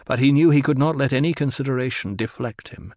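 A man narrating a novel in an even, descriptive reading. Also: mid-range voice, quick pace, no echo, studio quality. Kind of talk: audiobook narration.

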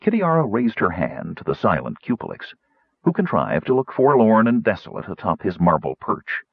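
A man reads a fantasy story aloud with expressive, scripted delivery. His low, husky voice swings widely in pitch. The recording sounds dry, dull and lo-fi. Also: moderate pace, dry recording. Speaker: audiobook narrator. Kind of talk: scripted narration.

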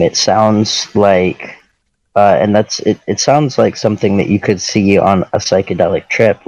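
Slow, musing low-voiced man. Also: gravelly, a little mellow, dry recording, highs cut off. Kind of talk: casual chat.

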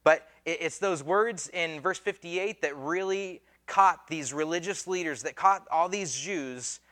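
High-voiced casual male preacher. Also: a little slow, a bit bright. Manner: casual, conversational preaching with slang and acted-out quotes. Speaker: pastor. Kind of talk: sermon.

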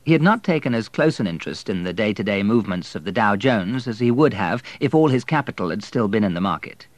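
A man reading a novel aloud in steady, measured scripted narration. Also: lowish voice, no room sound. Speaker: audiobook narrator.

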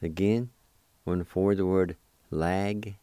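A man with a low, mellow voice leads a radio language lesson. He spells each word out letter by letter and repeats every pronunciation slowly and patiently. The sound is smooth and dry, close to the mic. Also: fairly even intonation, no room sound. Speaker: radio language teacher and host. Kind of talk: spelling and pronouncing words for learners.

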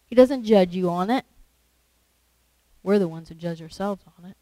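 A woman preaching in a chatty, everyday way, throwing rhetorical questions at her listeners. Her voice sits at an ordinary middle pitch. The sound is dry and close, with no room echo. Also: moderate pace, mellow. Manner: conversational, with rhetorical questions and acted quotes. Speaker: lay preacher. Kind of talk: sermon.

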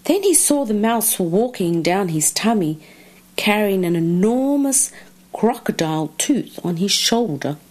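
A woman reading a children's story aloud with slow, expressive, drawn-out phrasing. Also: medium pitch.

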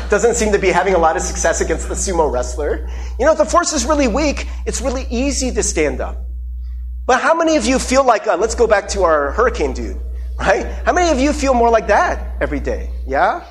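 A man's voice: high voice, a little hiss or hum. A young adult male pastor preaching a sermon, earnest and openly emotional, often checking in with "right?".

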